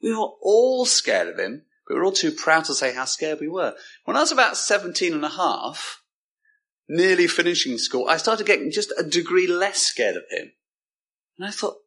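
A man preaching a sermon, emphatic, with dramatic pauses and repeated words. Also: a little high, sing-song, fairly bright tone, breathy edge.

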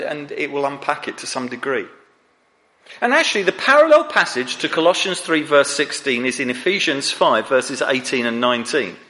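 A man's voice: high voice, a bit bright, in a large hall. A man preaching a sermon to his church, earnest and pressing the listeners with direct questions.

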